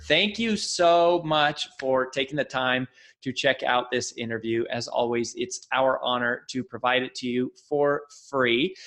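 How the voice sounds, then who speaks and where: A man reading a friendly, measured promo message at the end of a podcast. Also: medium pitch, fairly bright tone. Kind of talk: scripted promo read.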